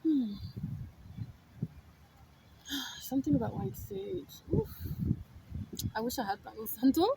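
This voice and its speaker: A woman in her thirties talks slowly through a casual spiritual monologue, her voice sitting a little high. She drifts from hushed whispers into emphatic declarations, and room ambience is clearly audible behind her. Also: big pitch swings, noisy background. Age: 30s. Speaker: spiritual content creator.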